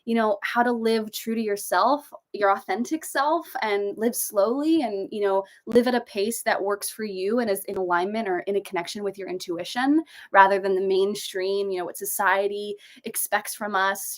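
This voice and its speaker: At her desk overlooking the ocean, a young author and video creator from San Diego, USA, runs her first livestream, reading out comments in a casual chat. She's gushing and bubbly, often rising in pitch on greetings, before turning to writing and slow living.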